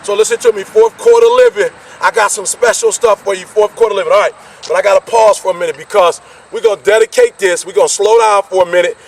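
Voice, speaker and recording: A man giving an energetic motivational speech, repeating his points and pushing the listener hard. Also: high voice, fast talker, creaky, recorded from a distance. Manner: energetic, preachy, repetitive call-and-response. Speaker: motivational speaker.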